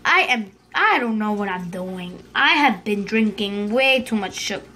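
A female host giving casual commentary over her gameplay, excitable, yelping and urging herself on, dropping to hushed whispers when scared. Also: mid-range voice. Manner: excitable, yelps and shrieks, fast repeated urging. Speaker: gaming video host.

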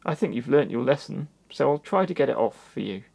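A man doing a gruff, wise old owl. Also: medium pitch, lively intonation, a little fast, a little mellow. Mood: kindly.

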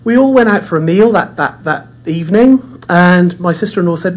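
At a dementia care forum, a speaker gives a presentation full of personal stories, talking chattily in an indoor room, often repeating words and addressing the audience directly. The mid-range voice is expressive, moving at a moderate pace with hardly any pauses.

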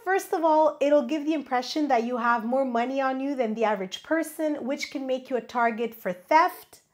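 High-voiced woman giving travel tips. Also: moderate pace. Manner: friendly, advising, list-style delivery. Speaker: travel vlogger. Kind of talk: scripted travel tips to camera.

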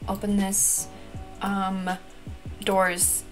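A woman's voice: medium pitch, completely flat delivery, drawn-out words. Flustered young Wisconsin woman gamer. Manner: flustered, chatty, lots of fillers and repeated exclamations. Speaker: gaming YouTuber. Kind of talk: frantic timed building commentary. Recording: light background music.

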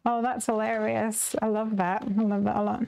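A woman with a soft Northern Irish accent chatting casually while she makes cards on a live stream and answers viewer comments. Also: medium pitch, flat delivery, moderate pace, gravelly, slight background noise. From Northern Ireland. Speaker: live stream craft host. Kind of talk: casual chat while demonstrating card making.

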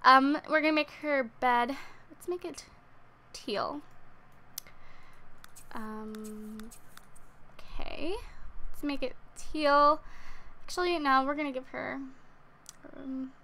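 Bright, chatty young woman gamer. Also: sits high, takes it slowly, pauses often, a little hiss or hum. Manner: chatty, full of fillers. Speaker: let's play host. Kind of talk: casual gameplay commentary.

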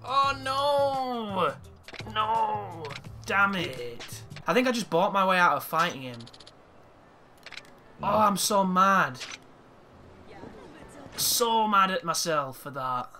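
A man commentating a video game playthrough, excitable and crude, with sudden exclamations. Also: high voice, takes it slowly, pauses often. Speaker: gameplay commentator. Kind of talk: let's play commentary. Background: game music.

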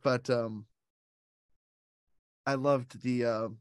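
A man's voice: mid-range voice, steady tone, extremely slow, clean tone, dry recording. A man co-hosting a casual film chat, enthusiastic and laughing often as he recounts favorite scenes. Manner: enthusiastic, laughs often, quotes lines in put-on voices. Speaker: podcast co-host.

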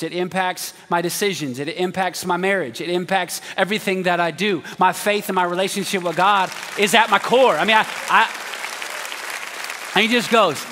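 A man preaching a sermon as a pastor, telling a story with acted quotes in an animated way. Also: high voice, long reverb tail. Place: large church auditorium.

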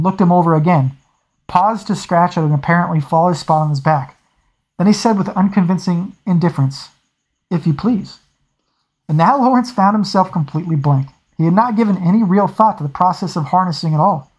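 An amateur reader narrating a fantasy novel at a middling pitch. The reading is informal, with frequent stumbles and quick self-corrections along the way. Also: a little mellow, rough recording. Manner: stumbles often and corrects itself, with the odd laugh. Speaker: audiobook reader.

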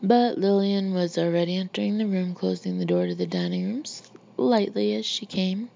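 Woman reading a novel aloud, steady pace, dark mellow gravelly voice. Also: mid-range voice, normal speed. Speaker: narrator. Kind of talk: audiobook reading. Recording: muffled lo-fi recording with faint hiss.

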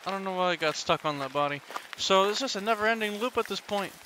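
A man's voice: high voice, fast talker, background noise. Jumpy young man playing a horror game. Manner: jumpy, yelps and laughs nervously at scares. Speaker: gaming streamer. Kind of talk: horror game let's play commentary.

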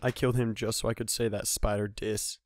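A man's voice: on the low side, little pitch movement, brisk, dry recording, studio quality. A young man hosting a gaming channel, giving solo let's-play commentary with joking, self-mocking, rambling asides.

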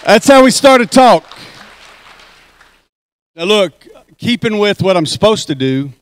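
A man's voice: sits high, very animated, unhurried. A man giving a folksy, joking talk at a conference and leading the crowd in chants. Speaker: conference speaker. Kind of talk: speech at a conference. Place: conference hall.

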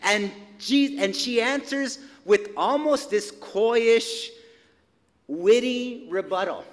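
A man with a notably high voice preaches to his congregation, keeping it casual and chatty, with slang and punchy repetition. His words ring out with a long reverb from the church sanctuary. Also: slow pace. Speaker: pastor. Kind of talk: sermon.

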